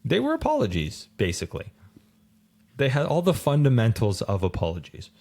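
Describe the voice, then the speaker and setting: A man co-hosting a racing podcast in casual chat, rambling and animated, full of fillers. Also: mid-range voice, brisk. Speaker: podcast co-host.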